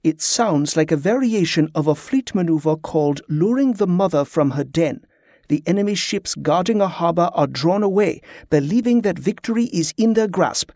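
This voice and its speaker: A man voicing a formal, scholarly male pirate captain who speaks in a firm, measured way. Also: sits high, animated, a little mellow, dry recording, studio quality.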